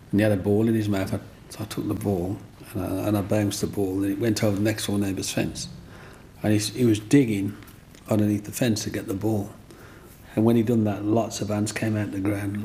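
In an interview, a man tells stories from his life, rambling, repeating himself and often saying "you know what I mean." His voice is fairly low, creaky and somewhat dark. A faint hiss or hum sits in the background.

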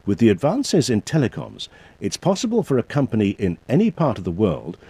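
A man presents scripted broadcast links in a dark, husky voice with lively rises and falls. The sound is dry and close, like a small studio. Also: on the low side, a little fast, no echo. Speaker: program presenter.

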